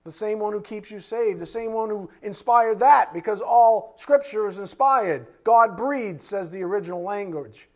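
A male preacher with a fairly high voice delivers a sermon. He fires blunt rhetorical questions at the room and swings between loud emphasis and quiet asides. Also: moderate pace, few pauses.

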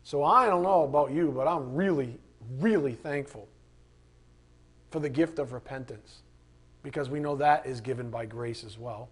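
A man's voice: mid-range voice, normal speed, husky. A man leading a Bible study, reading passages aloud and adding earnest, casual asides. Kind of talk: conversational Bible teaching.

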